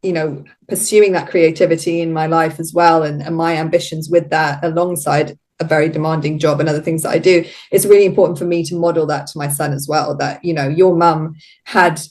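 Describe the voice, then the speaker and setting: A woman's voice: low-pitched, a little mellow. A middle-aged woman, a guest on a podcast, talking reflectively and casually, laughing often. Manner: reflective, laughs often, quotes herself in little voices. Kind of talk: casual interview chat.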